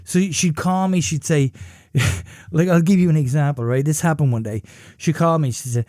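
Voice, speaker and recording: A man's voice: fairly high pitch, normal speed, darkish tone, no echo, studio quality. A man hosting a podcast, telling a story casually, rambling and swearing with lots of fillers. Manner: rambling and profane, heavy on fillers like "you know" and "right?". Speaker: podcast host.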